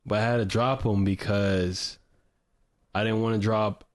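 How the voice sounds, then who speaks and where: A man with a fairly low voice talks loosely and casually, full of "um" and "like." He co-hosts a relaxed podcast conversation. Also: a little slow. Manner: frustrated rambling, frequent fillers. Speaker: podcast co-host. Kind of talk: casual fantasy football chat.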